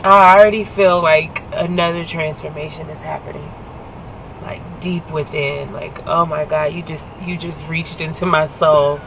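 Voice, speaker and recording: A woman's voice: low voice, steady tone, moderate pace, gravelly. A woman rideshare driver from Indiana, talking with a passenger in her car, gushing and near tears. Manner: gushing, tearful, laughs often. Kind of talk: emotional chat with a passenger. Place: inside a car. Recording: muffled in-car recording, road noise.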